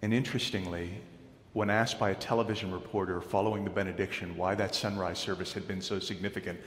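A man's voice: sits low, a little hiss or hum. Man preaching in a reverberant church. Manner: dramatic storytelling, building to loud proclamations. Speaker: pastor. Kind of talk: sermon. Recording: echoey hall.

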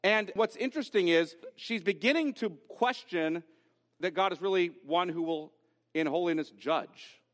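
Pastor, male, high pitch; emphatic Bible teacher who repeats key phrases; church sanctuary with long reverb. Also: normal speed, fairly bright tone. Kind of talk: expository sermon. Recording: long reverb from a large hall.

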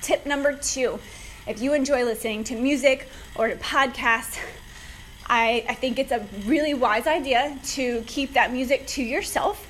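Upbeat woman host, bright high register, talks while riding a bike, light noise behind. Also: moderate pace, poor audio. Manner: upbeat, chatty, gives advice directly. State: slightly out of breath from cycling. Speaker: podcast host, fitness coach. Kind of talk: casual solo podcast talk.

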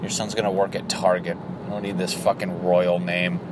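A man's voice: low voice, level tone, moderate pace. A comedian rambling through crude, profane jokes while driving, laughing at his own bits. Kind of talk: rambling comedy workshop monologue. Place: car, driving. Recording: car road noise behind.

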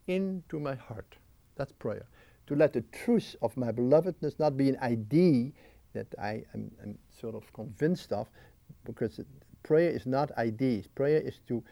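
A man speaking as an interview guest, talking reflectively and expressively at his home, full of restarts and quick bursts. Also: mid-range voice, creaky, dry recording. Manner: animated and expressive, with many restarts. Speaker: interview guest, spiritual writer. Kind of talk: reflective interview talk on prayer. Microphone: filmed interview mic.

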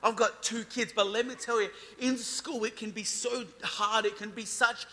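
A man's voice: sits high, steady tone, moderate pace, pushed and bright. A man in his thirties preaching a youth sermon, declaring and building emphasis as he reads scripture. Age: 30s. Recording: reverberant hall.

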